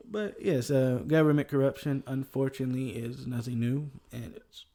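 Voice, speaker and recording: Southern guy hosting a history podcast, mellow voice, chuckles a lot, easygoing. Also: medium pitch, normal speed. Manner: chuckles often, loose and conversational. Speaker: podcast host. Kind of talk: casual history podcast chat.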